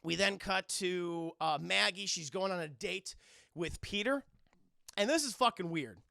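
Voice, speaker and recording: A man recapping a film for his live-stream chat in a rambling, excitable way, swearing a lot and restarting often. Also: high-pitched, unhurried, creaky, no room sound, studio quality.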